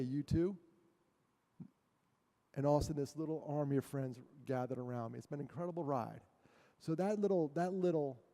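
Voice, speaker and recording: A man speaking as a guest at a church, telling his story in an animated, self-mocking way. His voice is a touch high and mellow. It rings with long reverb from the hall. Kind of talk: storytelling talk to a church audience.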